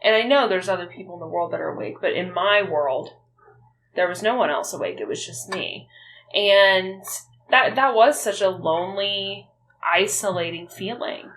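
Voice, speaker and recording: A woman's voice: mid-range voice, normal speed, fairly bright tone, low-quality recording. A young woman co-hosting a podcast, speaking candidly and bluntly in a casual chat. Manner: candid, blunt, swears freely. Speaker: podcast co-host.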